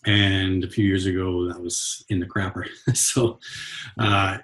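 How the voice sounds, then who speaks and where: Relaxed low-voiced Canadian agency owner. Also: male voice. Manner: relaxed, halting, many ums and restarts. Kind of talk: casual interview chat.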